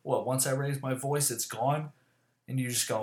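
A man chatting casually to camera, rambling and swearing often, with lots of fillers and quick self-corrections. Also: medium pitch. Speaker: vlogger. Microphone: camera mic. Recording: echoey room.

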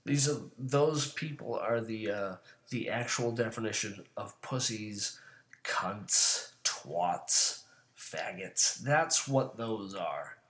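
A man hosting a show, delivering a profane comedic rant with furious shouting bursts between calmer asides. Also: lowish voice, slow pace.

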